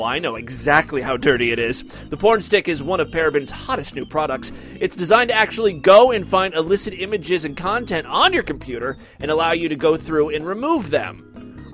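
A man with a high, very animated voice reads quirky news items and breaks off into sarcastic asides. His delivery jumps around for comic effect, and faint music runs in the background. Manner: sarcastic asides, exaggerated reading. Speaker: comedy news host. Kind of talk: comedic news reading with commentary.

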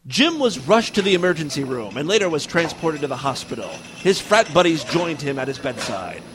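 A man hosting a comedy podcast, narrating a crude story in an animated, jokey way. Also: a little high, brisk, background noise. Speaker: podcast host.

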